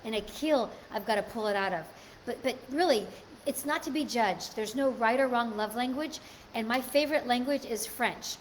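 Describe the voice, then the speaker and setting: A woman's voice: a little high, moderate pace, a little hiss or hum. A woman hosting a live stream, chatting casually and answering viewer comments. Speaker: livestream host.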